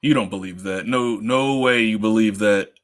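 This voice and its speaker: A man playing a tabletop game, quick and emphatic in his asides. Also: lowish voice, clean tone. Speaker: player. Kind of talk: casual tabletop play.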